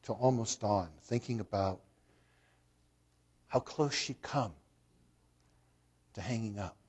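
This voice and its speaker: A man's voice: on the low side, slow, darkish tone, breathy edge. A man preaching a sermon as a pastor, telling a story in a conversational way and putting questions to the congregation.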